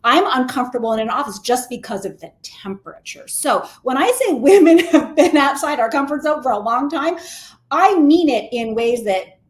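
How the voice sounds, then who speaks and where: A woman's voice: high voice, expressive, normal speed. A middle-aged woman co-hosting a casual mentoring discussion, speaking emphatically and persuasively and acting out quoted thoughts. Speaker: mentor and co-host.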